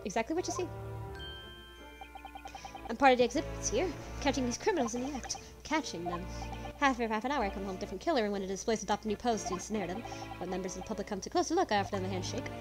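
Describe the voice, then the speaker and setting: An eccentric male detective with a weakness for money holds forth grandly, voiced by a woman. The delivery is theatrical and slightly high-pitched. Clear game music runs behind him. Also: expressive, fast talker, lightly acted. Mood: boastful.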